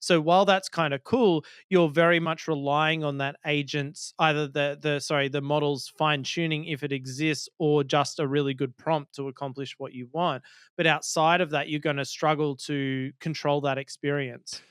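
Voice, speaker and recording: Man, podcast co-host, casual tech chat, enthusiastic, smooth clear voice, fairly high pitch. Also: fairly even intonation, moderate pace, fairly bright tone, no echo, clean studio sound. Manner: enthusiastic, argues his point with acted-out quotes.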